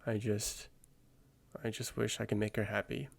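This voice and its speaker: A man's voice: fairly low pitch, flat delivery, moderate pace, creaky, voice pushed down. A man whispering as a glum ogre. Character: gruff insecure male ogre. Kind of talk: whispered role-play.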